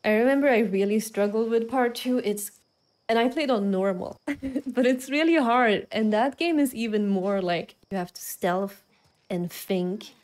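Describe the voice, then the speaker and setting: A woman's voice: fairly high pitch, a little slow, a little mellow. A young adult woman streamer giving casual, self-deprecating commentary while playing and talking to her chat. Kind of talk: casual live gameplay commentary.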